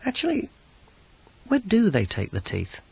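A stern young woman, voiced by a male narrator, speaks in a clipped, weary, wry way. Her voice is pitched a little higher than his own and sounds husky. The recording is dull. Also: wildly swooping pitch, measured pace, no echo, exaggerated voice. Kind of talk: audiobook character voice.

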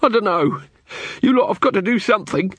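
A battered guard near panic, as a male reader puts him on, frantic and whimpering. The voice jumps far above the reader's usual height and comes out loud. The sound is close and dry. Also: high-pitched, expressive, fairly quick, slightly rough, no echo, pitched above the performer's own voice.

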